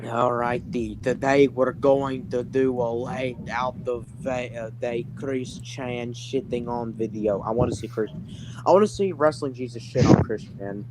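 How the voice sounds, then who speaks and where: A man's voice: mid-range voice, steady tone, measured pace, noisy background. A man chatting casually in a blunt, crude way as a guest. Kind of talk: casual chat.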